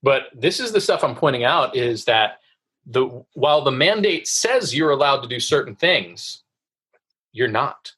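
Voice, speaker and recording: A man co-hosting a podcast, talking in a casual, animated way and acting out what others would say. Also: medium pitch, a little slow, slightly rough. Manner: animated, acts out quoted voices. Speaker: podcast co-host. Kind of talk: casual chat.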